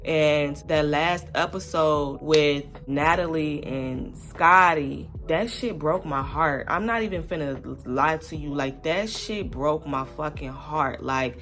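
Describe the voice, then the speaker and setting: A woman's voice: sits low, a bit bright. A young woman talking casually to camera in a rambling, candid commentary vlog, swearing freely and piling up fillers. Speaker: vlogger.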